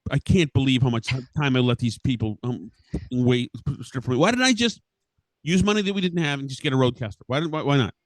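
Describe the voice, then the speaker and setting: A middle-aged podcast host rants in fury, swearing and sputtering through restarts in an angry monologue. His medium-pitched voice moves quickly with lively intonation, and the recording is dry.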